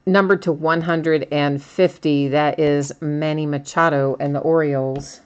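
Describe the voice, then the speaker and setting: Low-pitched woman, middle-aged, easygoing card break host; casual, chatty, quick to laugh. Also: steady tone, darkish tone, clean tone, lo-fi sound. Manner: chatty, laughs often, reads out cards and chat. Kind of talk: live stream card break commentary.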